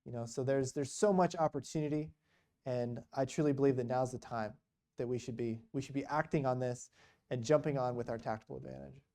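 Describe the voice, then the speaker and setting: Telling his story as a church's missionary guest, a man wanders casually through it, recreating many conversations in quotes. His medium-pitched voice is gravelly and warm, and he speaks briskly.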